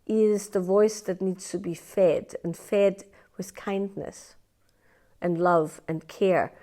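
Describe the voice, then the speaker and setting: A woman's voice: mid-range voice, steady tone, slow pace, dark tone. A woman leading a live workshop, talking conversationally with frequent "right?" and "yeah" tags and acting out inner voices in quoted asides. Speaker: workshop teacher.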